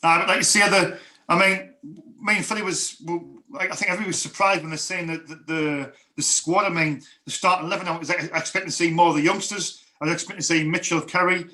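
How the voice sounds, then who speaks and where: A man's voice: high voice, fairly even intonation, fast, few pauses, pushed and bright. A man co-hosting a casual fan football stream, rambling through match talk with many restarts. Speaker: fan co-host.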